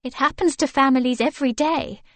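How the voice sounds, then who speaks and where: A woman voicing a gentle, flustered young wife in an eager, breathless manner for an audiobook. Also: high-pitched, a little fast, no echo, pitched above the performer's own voice, natural voice.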